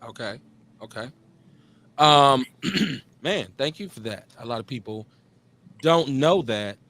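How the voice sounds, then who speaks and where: A man's voice: medium pitch, animated, slow pace, a bit bright. Laid-back slangy Midwestern radio host man. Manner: laid-back, slangy, drawls and repeats phrases. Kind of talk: casual live call-in show chat.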